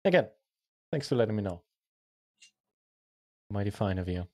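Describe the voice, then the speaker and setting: A man's voice: on the low side, animated, normal speed, darkish tone. Man, poker streamer, polite, reads and thanks chat, casual.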